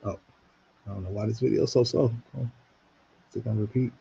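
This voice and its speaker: A man's voice: lowish voice, fairly even intonation, fast, gravelly, warm tone, muffled recording, a little hiss or hum. A man hosting a talk radio show in casual chat, rambling with many restarts.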